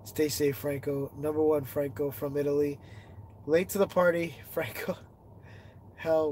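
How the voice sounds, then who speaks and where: A congested man on a casual livestream, reading viewer comments aloud, answering them and telling a story with growing excitement. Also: slight background noise. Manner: animated storytelling, rising in pitch when excited. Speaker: livestreaming explorer.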